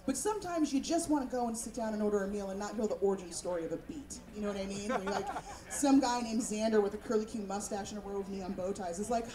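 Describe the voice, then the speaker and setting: A woman's voice: medium pitch, fast talker, crowd noise. Brash, profane woman stand-up comic. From San Francisco, US. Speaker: stand-up comedian. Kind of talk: stand-up comedy set. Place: comedy show in front of a live audience. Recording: echoey room with audience.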